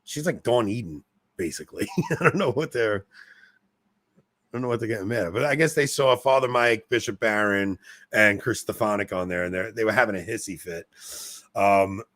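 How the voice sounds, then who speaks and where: A man's voice: lowish voice, a little fast, fairly bright tone, dry recording. A young man co-hosting a podcast in casual chat, rambling and self-mocking with frequent laughs. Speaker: podcast co-host.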